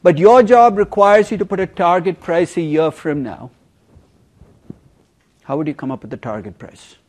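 A man teaching a university finance class, emphatic and lively, teasing students with questions. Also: sits high, moderate pace. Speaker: finance professor. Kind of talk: university lecture.

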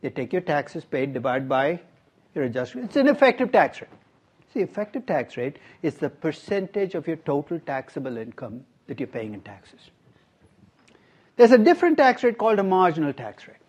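A man's voice: on the high side, sing-song, normal speed, a little mellow, breathy edge. A middle-aged man giving a classroom lecture as a professor, quizzing his students and dropping wry asides. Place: university classroom.

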